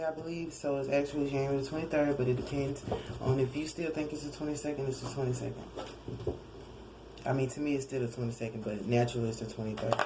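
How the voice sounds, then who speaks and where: A woman with a low voice talks through a tarot reading in a loose, conversational way. She wanders off track, corrects herself mid-sentence and slips in chuckling asides. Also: noisy background. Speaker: tarot card reader. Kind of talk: casual spoken tarot reading.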